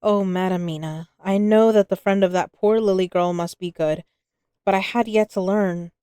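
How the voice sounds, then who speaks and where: A woman's voice: medium pitch, fairly even intonation, normal speed, dark tone, smooth, dry recording, clean studio sound, lightly acted. A woman reading a courtly old doctor. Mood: earnest. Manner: formal, old-fashioned speech. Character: courtly older male doctor, earnest and gentle.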